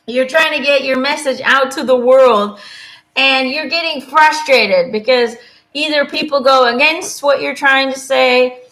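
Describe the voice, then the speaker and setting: A woman doing a live angel card reading, speaking gently and reassuringly and often checking in with "okay?" and "you know?". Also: high voice, measured pace. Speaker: intuitive angel card reader. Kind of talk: live card reading, casual spoken guidance.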